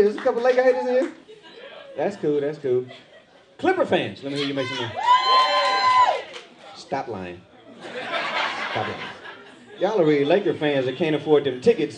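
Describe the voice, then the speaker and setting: La comic guy onstage at a club, animated, crowd laughing loud. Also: high-pitched, very noisy. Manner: animated, acts out quoted voices. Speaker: stand-up comedian. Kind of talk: stand-up comedy set. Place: comedy club stage.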